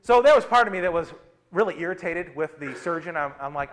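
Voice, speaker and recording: A middle-aged man, a pastor, preaching a sermon in a conversational way, mixing personal stories with scripture and shifting his loudness often. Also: a little high, expressive, a little fast.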